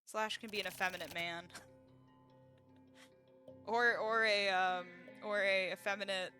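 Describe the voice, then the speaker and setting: A woman's voice: medium pitch, steady tone, unhurried, sharp tone, soft background music. A woman streaming a game, chatting casually and swearing freely as she reacts. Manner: chatty, sweary, laughs at herself. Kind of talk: casual let's-play commentary.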